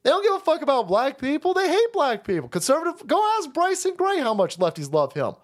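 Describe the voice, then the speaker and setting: A man's voice: very high-pitched, huge pitch swings, fairly quick. A man hosting a live stream, giving heated, profane and mocking commentary with frequent laughs. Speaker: streamer host.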